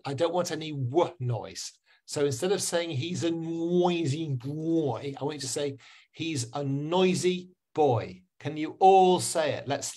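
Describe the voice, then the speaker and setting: A man teaching pronunciation in an online webinar, encouraging and repeating sounds slowly for learners. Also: fairly high pitch, darkish tone. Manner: encouraging, drills words slowly and repeats them. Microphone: video call.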